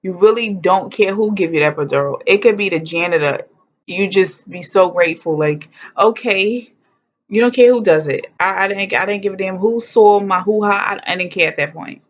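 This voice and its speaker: A woman's voice: medium pitch, normal speed. A woman vlogger telling a personal story in a candid, humorous and blunt way, swearing freely. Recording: dull lo-fi sound.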